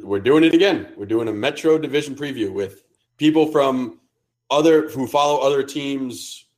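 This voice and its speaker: Casting: male co-host, mid-pitched, crude jokey banter, casual. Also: normal speed, a little mellow. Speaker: podcast co-host. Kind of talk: casual chat.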